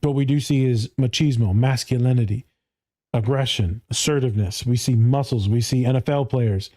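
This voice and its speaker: A male therapist talking on a podcast in a blunt, profane way. He laughs often and mimics his clients in higher voices. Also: normal speed, warm tone. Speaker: therapist and speaker. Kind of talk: casual podcast conversation.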